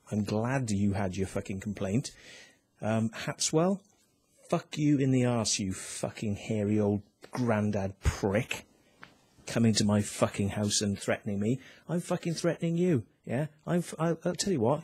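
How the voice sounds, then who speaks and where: British man, husky voice, mid-pitched, heated profane vlog rant, mocking tone. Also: animated, moderate pace. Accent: British English. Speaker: complainant reading a complaint ruling.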